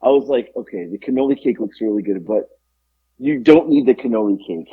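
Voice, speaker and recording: A man co-hosting a podcast, telling an animated story in casual chat and acting out both sides of the conversation. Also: medium pitch, a little fast, breathy edge, dry recording, narrow, tinny audio. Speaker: podcast co-host.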